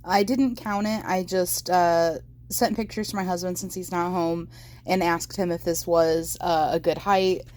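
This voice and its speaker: A young woman, a crochet vlogger, chats casually at home while walking through a crochet project, using lots of fillers and correcting herself. Her voice is on the low side, darkish, and steady, and she talks a little slowly.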